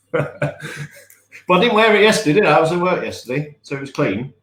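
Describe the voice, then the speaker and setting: A man's voice: on the high side, big pitch swings, brisk, fairly bright tone, roomy sound. A man co-hosting a casual live-stream podcast from home, chatty and rambling, often laughing at himself. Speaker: podcast co-host.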